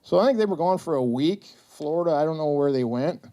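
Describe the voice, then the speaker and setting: A man's voice: on the high side, expressive, fast talker, dark tone. A middle-aged man giving a joking speech full of stories at a retirement celebration, acting out the lines of the people in them. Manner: storytelling, acting out quotes, joking. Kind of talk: anecdotal speech to an audience. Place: event hall with audience.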